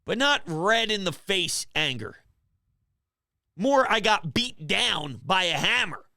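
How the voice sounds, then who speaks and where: Male call-in sports host, high gravelly voice, dejected and low-key, dry home office sound. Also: sing-song, slow, sharp tone, dry recording. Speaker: sports talk show host. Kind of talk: call-in sports talk show.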